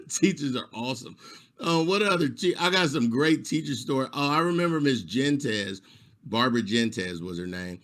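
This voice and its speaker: A middle-aged man performing a stand-up comedy set over a video call, animated and quick to slip into high voices. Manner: animated, jumps into high squeaky voices for teachers.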